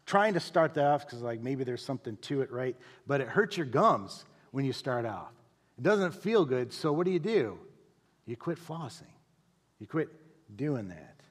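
A middle-aged male pastor preaching a conversational sermon, repeating phrases for emphasis and often tagging lines with "right?". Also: mid-range voice. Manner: conversational preaching, frequent tag question "right?". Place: church sanctuary. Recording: long reverb of a church hall.

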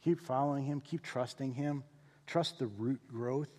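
A man's voice: medium pitch, unhurried, darkish tone. A middle-aged male pastor preaching a conversational sermon, repeating phrases for emphasis and often tagging lines with "right?". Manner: conversational preaching, frequent tag question "right?". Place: church sanctuary. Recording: long reverb of a church hall.

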